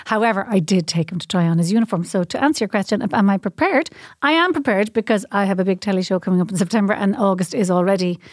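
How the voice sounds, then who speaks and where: A woman's voice: medium pitch, fast talker, no room sound, clean studio sound. A middle-aged woman, a podcast guest telling comic stories with a lot of laughter. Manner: animated, laughing comic storyteller. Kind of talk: casual chat.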